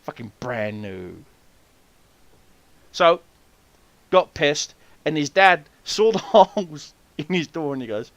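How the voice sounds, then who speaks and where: A man hosting a podcast, telling hunting stories in a casual, profane, animated way and acting out the people he quotes. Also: fairly high pitch, a little slow, pauses often, dry recording, lo-fi sound. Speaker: podcast host. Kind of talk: casual storytelling chat.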